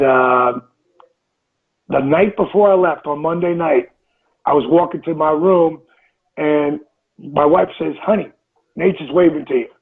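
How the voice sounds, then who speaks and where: A man in his fifties, an interview guest telling stories in a casual, animated way, acting out quotes and swearing freely. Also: on the high side, gravelly, slightly rough. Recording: tinny phone-line audio.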